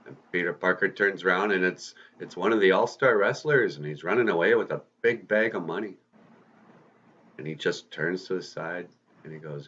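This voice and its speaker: A man's voice: low voice, normal speed, a bit bright, lo-fi sound. A man host casually retelling a story in a folksy, conversational way, drawing out words for emphasis.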